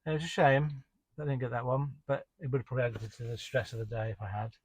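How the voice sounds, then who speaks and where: A man's voice: medium pitch, steady tone, fast, darkish tone, breathy edge, dry recording, low-quality recording. A man working as a delivery driver tells the story of his day in a rambling, exasperated way, full of restarts and "um"s. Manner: exasperated, complaining. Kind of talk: casual spoken diary.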